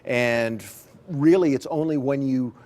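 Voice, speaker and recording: A middle-aged man talking as an author guest in a TV interview, halting with many fillers and restarts. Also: mid-range voice, darkish tone. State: choking up with emotion.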